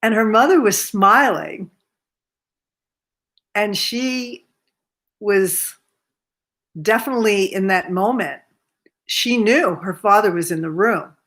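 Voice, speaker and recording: A woman in her seventies, a massage therapist, telling a personal story to camera in an unhurried, earnest way from her cozy home by a fireplace. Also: mid-range voice, a bit bright. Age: 70s.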